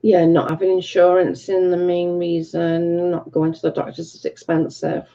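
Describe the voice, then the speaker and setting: A British woman with a lowish, mellow voice chats casually on a livestream from her bedroom. She reads viewer comments aloud and swears freely. The sound is dull and lo-fi. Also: flat delivery, moderate pace. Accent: British English. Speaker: livestream host.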